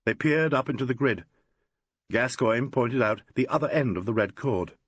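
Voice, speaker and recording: A male narrator reads a classic mystery with a lively, swinging delivery. His voice is husky and slightly breathy, heard close and dry with no room sound. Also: medium pitch, moderate pace, no room sound, highs cut off. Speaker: audiobook narrator. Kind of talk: scripted audiobook narration.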